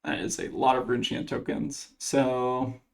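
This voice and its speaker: Working through his card game match out loud, this man casually weighs each move, dropping lots of fillers along the way. He speaks at a measured pace in a mid-range voice with vocal fry.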